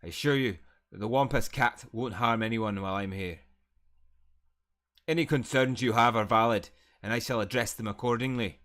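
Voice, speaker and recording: A man reading aloud as an older male magic professor who keeps creatures, in a loud, emphatic put-on accent. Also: medium pitch, brisk, hardly any pauses, natural voice. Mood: reassuring.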